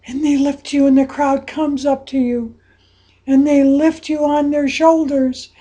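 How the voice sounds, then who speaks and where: A woman coaching listeners through a guided visualization, dropping to soft whispers and then rising to excited exclamations. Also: high voice, unhurried. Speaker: anxiety coach guiding a visualization.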